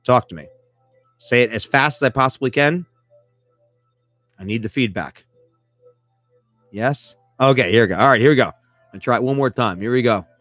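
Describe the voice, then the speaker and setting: A man hosting a live podcast in a casual chat style, animated and self-mocking, and he keeps asking listeners for feedback. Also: mid-range voice, normal speed, pauses often, faint music behind. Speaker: podcast host.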